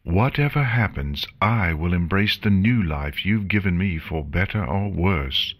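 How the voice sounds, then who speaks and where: A man reading an audiobook and voicing a young female former changeling queen who speaks quietly, earnestly and formally. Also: deep voice, lively intonation, a little slow. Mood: resolute. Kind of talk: audiobook reading of fan fiction.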